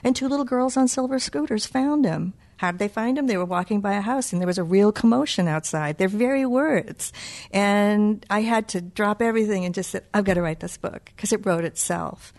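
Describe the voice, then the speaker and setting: A woman's voice: mid-range voice, a little fast, a little mellow. A middle-aged woman with a Boston accent, a children's book author talking in a casual interview, playful and self-mocking.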